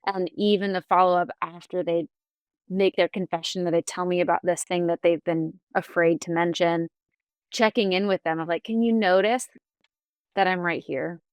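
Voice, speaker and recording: A woman with a fairly low voice talks as a podcast guest, explaining her therapy work in a gentle, reflective way. The recording is dry and close. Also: little pitch movement, normal speed, clear, resonant tone, no room sound. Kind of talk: casual podcast conversation.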